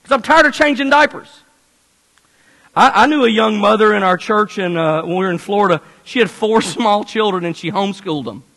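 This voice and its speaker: A male pastor preaching a sermon, his voice high and bright as he tells stories with playful asides. He sounds from a big hall with a long reverb. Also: a little fast, hardly any pauses. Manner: animated storytelling, playful asides.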